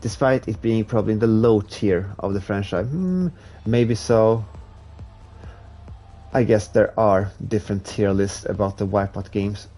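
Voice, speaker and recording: A man with a hard-to-place accent chatting casually with viewers while streaming a racing game, talking in a relaxed, halting way. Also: on the low side, faint music behind. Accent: hard-to-place non-native English accent. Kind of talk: casual live-stream commentary.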